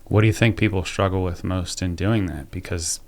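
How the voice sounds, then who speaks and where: A young man with a low voice hosts a relaxed conversation. He thinks aloud and often restarts his sentences mid-thought. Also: moderate pace. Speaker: podcast host. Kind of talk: conversational interview.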